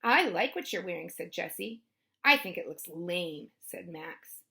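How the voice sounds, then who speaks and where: Lady reading a kids' chapter book out loud, lively, voice jumps up for the little kids' lines. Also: measured pace, creaky. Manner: lively, pitching up for kids' voices and dropping low for narration tags. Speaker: storybook reader. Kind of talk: children's read-aloud with character voices.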